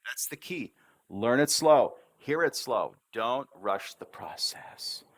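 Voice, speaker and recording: A man's voice: mid-range voice, expressive, takes it slowly. A man teaching English pronunciation on a livestream, repeating words syllable by syllable with encouraging asides. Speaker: English tutor.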